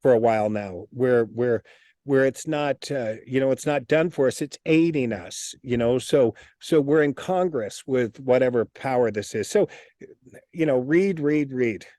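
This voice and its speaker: A man in a casual interview, telling stories in an animated, profane way and repeating his words. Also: mid-range voice, unhurried, no room sound, studio quality. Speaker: interview guest.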